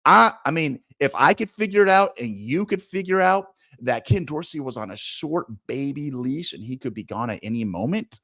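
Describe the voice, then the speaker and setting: A man's voice: medium pitch, animated, moderate pace, vocal fry, few pauses, sharp tone, dry recording. A man giving emphatic, opinionated sports commentary straight to his audience, talking bluntly and with plenty of energy.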